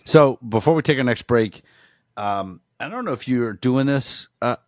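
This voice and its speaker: A man co-hosting a podcast, speaking in a relaxed way with frequent ums and uhs. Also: medium pitch, moderate pace, no echo, clean studio sound. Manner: laid-back, hesitant with filler words. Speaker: podcast co-host. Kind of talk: casual podcast interview.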